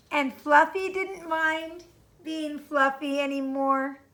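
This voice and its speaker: A woman reading a children's storybook aloud in a gentle, expressive way, chuckling along. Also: high-pitched, gravelly.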